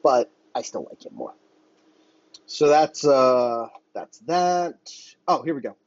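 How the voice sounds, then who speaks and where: A man's voice: medium pitch, lively intonation, slow, dry recording, highs cut off. A man hosting a podcast, ranting on his own in a heated, profane, rambling way. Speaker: podcast host. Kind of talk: solo political commentary rant.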